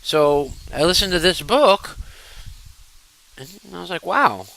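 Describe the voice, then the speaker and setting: A man telling personal stories casually to camera, animated and digressive, often turning to address his viewers directly. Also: fairly high pitch, unhurried, vocal fry, rough recording. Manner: fidgety while talking. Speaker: storyteller.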